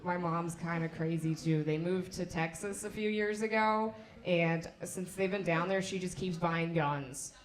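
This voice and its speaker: A woman's voice: fairly low pitch, unhurried. A young woman doing a candid, self-deprecating stand-up set on a club stage with a handheld mic, chatting with the crowd. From Argentina (family). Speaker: stand-up comedian. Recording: roomy club sound.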